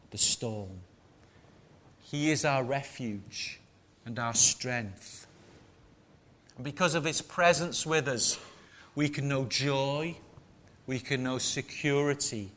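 A man preaching a sermon to his small congregation in a measured, emphatic manner with rhetorical questions. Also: medium pitch, pushed and bright.

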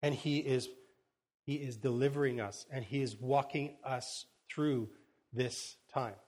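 A male pastor delivering a sermon, his voice sitting in a mid range. He talks with loose, excited enthusiasm. He often trips over and repeats his words. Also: mid-range voice, unhurried.

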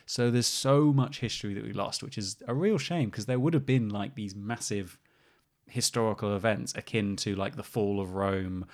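A man's voice: on the low side, normal speed, a little mellow. A young man co-hosting a podcast, chatting casually and rambling a little, often laughing. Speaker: podcast co-host. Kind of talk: casual chat.

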